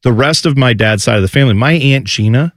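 A man's voice: mid-range voice, fast, no room sound, clean studio sound. A man from New Jersey hosting a casual talk show, telling stories and mimicking his relatives as he goes. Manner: animated storyteller, mimics relatives' accents. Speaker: podcast host. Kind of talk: casual chat.

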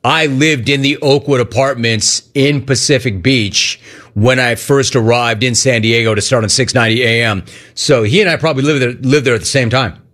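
A man's voice: medium pitch, a bit bright. A man hosting a radio call-in show, brash and riffing, repeating his catchphrases as he takes callers. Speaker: radio talk show host. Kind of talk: sports talk radio, taking calls.

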